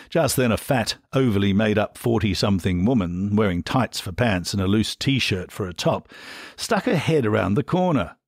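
A man with an Australian accent reading an audiobook in a dry, deadpan storytelling manner. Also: lowish voice, moderate pace, slightly rough, no room sound. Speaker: audiobook narrator. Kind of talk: audiobook narration.

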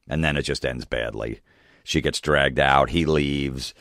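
A man's voice: a bass voice, measured pace, fairly bright tone, dry recording, clean studio sound. A middle-aged man hosting a podcast, ranting and swearing about couples he sees at his stand-up shows. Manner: profane, ranting, acts out hecklers in mocking voices. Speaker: comedian and podcast host. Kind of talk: casual podcast monologue.

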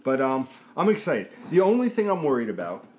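A man co-hosts a gaming chat in an excitable, loose way, swearing casually as he talks. His voice swings widely in pitch, and a faint hiss sits under the recording. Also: fairly quick. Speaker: co-host.

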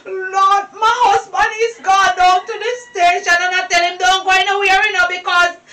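A woman plays a robbed Jamaican returnee in a homemade movie, bawling and shouting in thick patois. Her voice sits very high and bright. It is caught from a distance in an echoey room. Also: level tone, normal speed. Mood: tearful. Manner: wailing, tearful, shouting in patois. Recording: roomy echo from far off.

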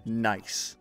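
A man's voice: sits high, a bit bright. Rambling young man streaming games. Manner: rambling, swears freely, many fillers. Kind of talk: casual chat while gaming.

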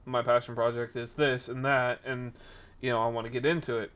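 A man in his twenties hosting a podcast and livestream, telling stories in casual chat, full of fillers and sudden jumps in loudness. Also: mid-range voice. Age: 20s. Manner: animated, filler-heavy, quick shifts in loudness. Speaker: podcast host and streamer.

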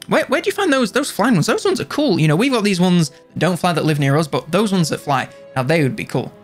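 A man doing an eager, high-voiced young knight. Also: quick pace, faint music behind. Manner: excited, gushing.

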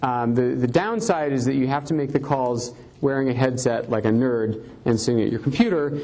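A man's voice: medium pitch, moderate pace, warm tone. A middle-aged man giving a live talk as a tech columnist, telling stories in a chatty way with lots of fillers and self-corrections.

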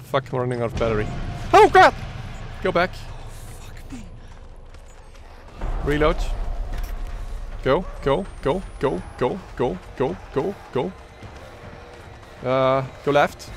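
A man's voice: animated, slow, gravelly, pauses often, slight background noise. Jumpy, swearing man playing a horror game. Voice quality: deep voice. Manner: swearing, jumpy, talks to himself. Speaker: gaming YouTuber. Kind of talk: horror game let's play commentary.

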